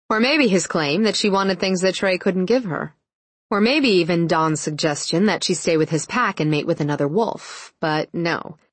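A woman narrating a romance audiobook in a steady, measured reading. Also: low voice, dry recording. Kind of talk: scripted narration.

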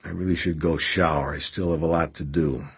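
A man's voice: extremely low pitch, steady tone, a little fast, gravelly, slightly rough, full character voice. A man reading an audiobook, voicing a tired working man who speaks in a dry, teasing way. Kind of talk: audiobook character voice.

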